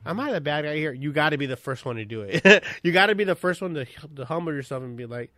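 A man chatting casually on a podcast about relationships, cursing freely and telling stories with sudden loud outbursts. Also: fairly high pitch, fast. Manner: profane, animated storytelling with sudden shouted outbursts.

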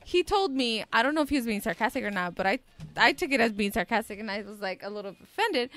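Female podcast co-host, chatty and laughing, slightly high voice. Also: big pitch swings, fast, fairly bright tone, soft background music. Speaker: podcast co-host, works with patients. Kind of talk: casual podcast storytelling.

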